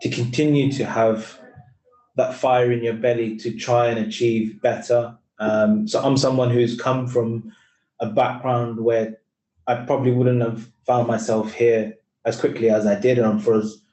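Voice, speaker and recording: An earnest young man talks through his career on a panel, stopping and restarting his sentences often. His voice is mellow and dark, and it sounds roomy and a little far from the mic. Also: medium pitch, level tone, unhurried. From East London, England. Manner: earnest, rambling with many restarts. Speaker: finance employee, panel speaker. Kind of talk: casual panel talk.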